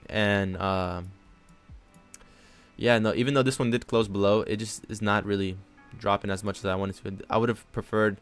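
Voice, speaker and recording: Soft music plays behind a man with a fairly low, clean-toned voice who speaks at a moderate pace with fairly even intonation. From his trading desk at home, his dog on his lap, he live-streams his day trading, talking casually through chart levels and frequently tossing in "honestly" and "man."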